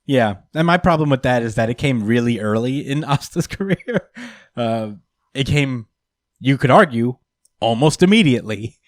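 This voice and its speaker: A man's voice: mid-range voice, expressive, normal speed, dry recording, studio quality. Rambling young man hosting a podcast. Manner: rambling, hedging with fillers. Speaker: podcast host. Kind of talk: casual chat.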